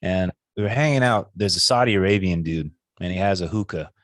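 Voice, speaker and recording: A man co-hosting a casual podcast, telling animated stories, swearing freely and breaking into mock voices. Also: low-pitched, fairly quick, no room sound. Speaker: podcast co-host. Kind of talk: casual chat. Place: living abroad, talking indoors.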